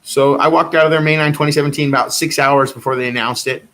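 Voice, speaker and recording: A man's voice: a little high, steady tone, fast talker, a bit bright. A man delivering a rambling personal monologue, insistent and repetitive, circling back to the same claims again and again.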